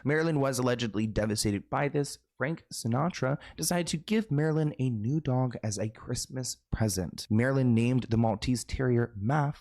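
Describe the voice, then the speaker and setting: A man narrates a video casually, moving quickly and dropping chatty, offhand remarks between facts. His voice sits at an ordinary middle pitch. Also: a little mellow.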